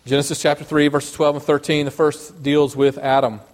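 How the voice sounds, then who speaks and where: Guy preaching, lively, acts out voices, a bit higher pitch. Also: brisk. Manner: animated, acts out voices of biblical figures. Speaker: pastor. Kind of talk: sermon.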